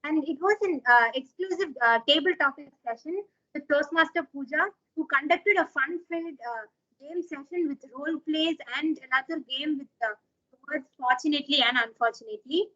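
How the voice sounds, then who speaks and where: A woman reports the minutes of a club meeting in a high voice, often pausing on "uh". The sound comes through a dull, lo-fi video call. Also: sharp tone. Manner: hesitant, many uh fillers.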